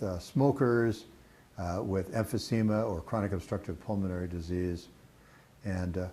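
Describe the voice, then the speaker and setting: An older man teaching a clinical exam demonstration, calm and explanatory, with frequent pauses and fillers. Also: on the low side. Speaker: instructor.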